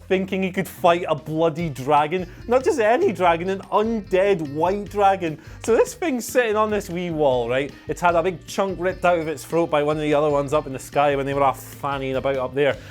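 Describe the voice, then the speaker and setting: Male panelist, sarcastic banter, light music bed. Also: fairly high pitch. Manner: mocking, jokey banter with laughs. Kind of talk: casual chat.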